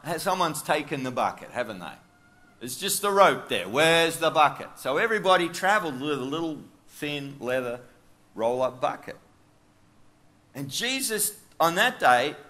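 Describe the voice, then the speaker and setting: Bright, animated Australian man preaching. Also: on the high side. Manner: chatty, with frequent asides and fillers. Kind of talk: conversational sermon storytelling.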